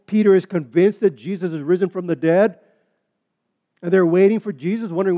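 A man preaches a sermon in a warm, mellow voice that sits a little high for a man. He stumbles and restarts often, then builds into emphatic, rising preaching. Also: brisk, lo-fi sound. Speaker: pastor.

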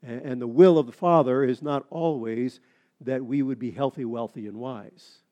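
A male pastor preaching a sermon, with frequent halting restarts that build into emphatic, rising delivery. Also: medium pitch, mellow, dull audio.

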